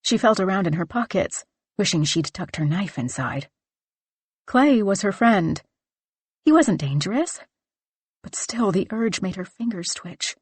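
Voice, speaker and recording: A woman narrating a horror novel in a measured, dramatic reading on a close studio mic. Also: medium pitch, sing-song, slightly rough, no room sound. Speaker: audiobook narrator.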